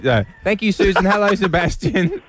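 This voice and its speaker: A man's voice: sits high, lively intonation, moderate pace, fairly bright tone, slight background noise. A man co-hosting a talkback radio show, greeting callers and teasing them cheerfully. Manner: upbeat, teasing, laughs a lot. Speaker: radio host. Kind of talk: casual talkback banter.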